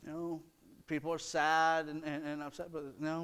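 Here a middle-aged pastor preaches at a moderate pace in a slightly high, fairly bright voice that is clear and resonant, though his delivery is flat. He reads scripture aloud, mocks quoted excuses, and builds with rising emphasis to earnest, emphatic points.

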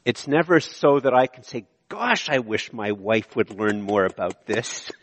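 A man's voice: mid-range voice, in a large hall. A male pastor delivering a sermon in a conversational way, with repeated phrases and asides to the congregation. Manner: conversational preaching with repetitions and asides. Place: church.

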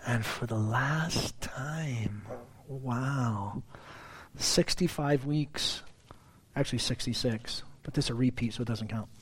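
A middle-aged man, a pastor preaching a sermon in church, talking in a conversational, self-deprecating way and getting louder when he stresses a point. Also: medium pitch, slow, a little hiss or hum. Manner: conversational, self-deprecating, rising loud on emphasis.

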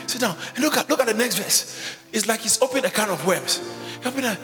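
A man preaching a sermon, acting out voices and breaking into shouts. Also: high-pitched, fairly quick, faint music behind. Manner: animated, acts out voices and shouts. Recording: echoey hall.

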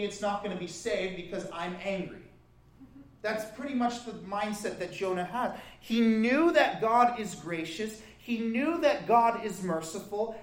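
Animated preacher man in an echoey room. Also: on the high side. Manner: animated, with rising emphasis and frequent restarts. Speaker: pastor. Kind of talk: sermon.

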